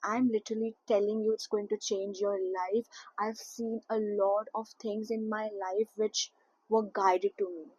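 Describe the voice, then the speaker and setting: In a mid-range, level voice that is a little mellow and slightly rough, this woman gives an unhurried spiritual guidance talk to camera. She earnestly and repetitively emphasizes each point about spiritual growth for her audience, with dull audio and no echo.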